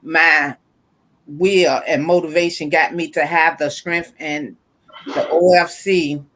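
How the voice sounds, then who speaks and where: A woman's voice: low voice, fairly even intonation, slow, a bit bright. A middle-aged woman hosting a casual podcast chat and reading out listener comments, emphatic and prone to repeating words as she thinks. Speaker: podcast host.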